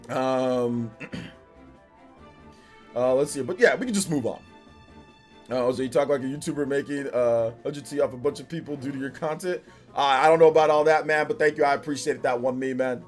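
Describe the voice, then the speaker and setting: A man's voice: medium pitch, normal speed, pauses often, faint music behind. A man chatting casually on a live stream. He rambles and repeats himself, laughs often, and peppers his talk with slang like "bro" and "you know what I'm saying". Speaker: live streamer reacting to a game trailer.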